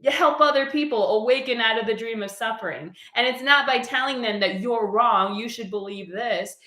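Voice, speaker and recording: Earnest woman, bright voice, echoey room. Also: fairly high pitch, normal speed. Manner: earnest, heartfelt, casual with frequent "like". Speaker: spiritual coach. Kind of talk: spiritual message vlog.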